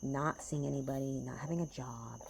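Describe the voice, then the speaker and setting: A woman's voice: extremely low pitch, steady tone, a little fast, gravelly, a little mellow, slight background noise. A woman who reads tarot, talking to her viewers in a passionate, rambling and profane way, at home in a small house in the woods. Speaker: tarot reader. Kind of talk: casual vlog talk to viewers.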